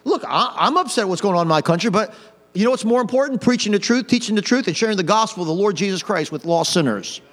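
A man preaching an old-fashioned hellfire sermon, swinging from quiet to loud with mocking asides. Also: high voice, lively intonation, fast talker, big-room sound. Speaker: pastor.

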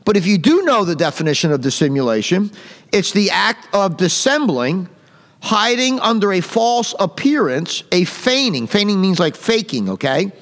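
High-voiced man teaching the Bible. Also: big pitch swings, fairly bright tone, long reverb tail. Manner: slow, deliberate reading of scripture, pausing to define words; repetitive and emphatic, with rising intensity.

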